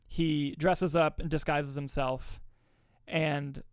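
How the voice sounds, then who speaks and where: A man co-hosting a podcast, reviewing a movie in casual chat, excited and swearing often as he retells scenes. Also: on the high side, slow pace, clear, resonant tone, no room sound, studio quality.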